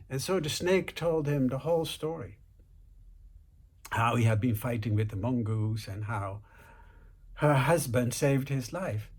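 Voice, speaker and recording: Husky male storyteller, relaxed delivery. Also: mid-range voice, measured pace, pauses often. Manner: relaxed, with fillers and restarts, voices quotes. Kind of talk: oral folk tale telling.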